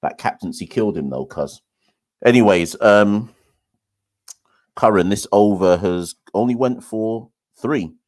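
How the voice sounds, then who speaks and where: A man's voice: lowish voice, unhurried, darkish tone. A young man hosting a live cricket watchalong, chatting casually to viewers in a loose, self-deprecating way. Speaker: podcast host.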